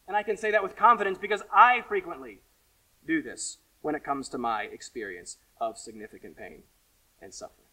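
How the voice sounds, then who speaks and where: A high-voiced man preaching a sermon, earnest and searching. He swings from forceful questions down to hushed, quiet asides. The voice sounds a little distant from the mic, as in a church. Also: animated, brisk. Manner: earnest, rises to emphatic questions then drops to quiet asides. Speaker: pastor.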